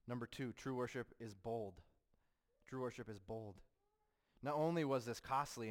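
A man preaching a sermon, asking rhetorical questions and acting out the voices of critics. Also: mid-range voice. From United States. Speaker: pastor.

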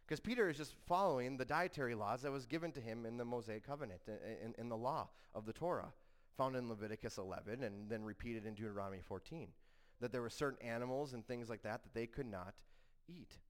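Male pastor, mid-pitch, casual teaching sermon with frequent restarts. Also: fairly quick. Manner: conversational, frequent restarts and rhetorical "right?".

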